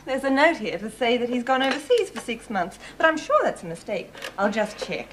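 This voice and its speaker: Clerk: gushing, genteel agency woman, lively melodic delivery. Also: on the high side, a little fast, background noise.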